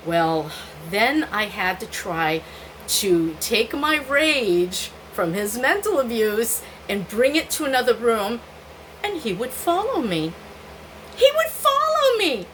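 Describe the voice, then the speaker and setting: A woman's voice: fairly high pitch, sing-song, moderate pace, fairly bright tone, a little hiss or hum, rough recording. An older woman vlogging, telling candid stories from her own life and often laughing at herself. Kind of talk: personal storytelling to camera.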